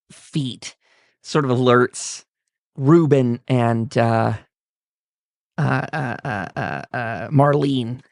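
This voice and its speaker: A man narrating as game master of a tabletop game, relaxed with frequent fillers. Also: mid-range voice, gravelly, no echo, studio quality. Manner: relaxed, many fillers, laughs while describing.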